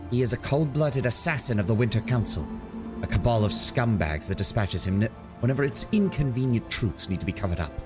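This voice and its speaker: A man reading game dialogue aloud, voicing a sharp-tongued female elf warrior who accuses and scorns. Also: medium pitch, animated, brisk, music in the background, pitched above the performer's own voice, close to an everyday voice. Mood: scornful.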